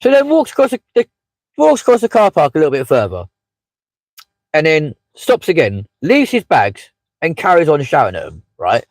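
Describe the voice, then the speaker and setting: A man's voice: on the high side, wildly swooping pitch, normal speed, no room sound, low-quality recording. Rambling man chatting from a car. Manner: chatty and rambling, with many fillers and asides. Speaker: livestream host. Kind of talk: casual live-stream chat, reading out viewer comments. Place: inside a parked car in a car park.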